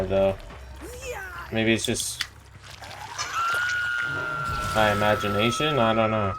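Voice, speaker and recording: A man's voice: on the low side, fairly even intonation, a little slow, long pauses, over music, rough recording. A young man commenting on his own gameplay as a streamer, reacting with disbelief and frustration. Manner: reactive, incredulous, frustrated outbursts. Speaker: gaming streamer.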